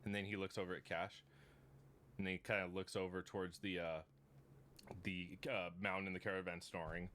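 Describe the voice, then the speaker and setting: Bright-voiced laughing game master man. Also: deep voice, little pitch movement, fairly quick, a little hiss or hum. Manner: casual, laughing, loose narration with fillers. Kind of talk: narrating a tabletop game.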